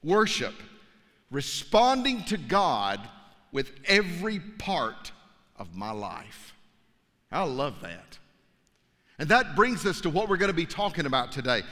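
A man preaching a sermon, telling a story with animated energy and stumbling repeats. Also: fairly high pitch, slow, long pauses. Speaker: pastor. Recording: long hall reverb.

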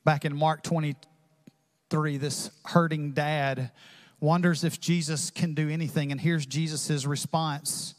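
Pastor guy preaching, high voice, gets fired up, long church-hall reverb. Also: fairly even intonation, takes it slowly. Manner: impassioned, acts out prayers and quotes. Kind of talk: sermon.

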